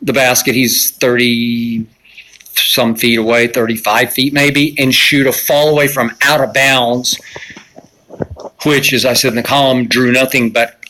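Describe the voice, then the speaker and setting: Bright-voiced opinionated man in his sixties. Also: medium pitch, level tone, a little slow, rough recording. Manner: opinionated, emphatic basketball critique with sarcastic asides. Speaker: sports commentator. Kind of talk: solo live-stream commentary.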